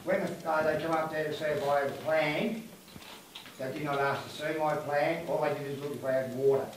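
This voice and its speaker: A man's voice: a little high, steady tone, brisk. An emotional Australian man, a local resident, speaking bluntly and angrily at a community meeting, swearing as he airs his complaints. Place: community hall. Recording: very echoey hall from a distance, faint noise.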